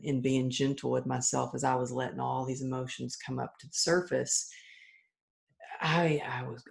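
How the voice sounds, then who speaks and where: With an extremely low voice and vocal fry, a middle-aged woman guesting on a podcast opens up about her story in an earnest, candid way. Frequent restarts break up her sentences, and she acts out what people said.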